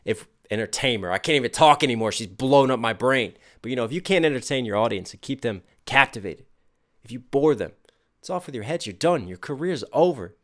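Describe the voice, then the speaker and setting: A man's voice: mid-range voice, animated, brisk. A young adult man, a rapper, giving an enthusiastic casual reaction and picking apart lyrics line by line. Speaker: rapper reacting to a music track.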